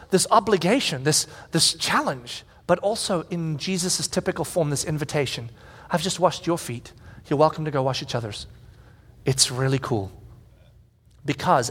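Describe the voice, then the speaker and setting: A man in his forties preaching a sermon as pastor, telling stories animatedly and shouting out the lines he quotes. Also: fairly high pitch. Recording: long hall reverb.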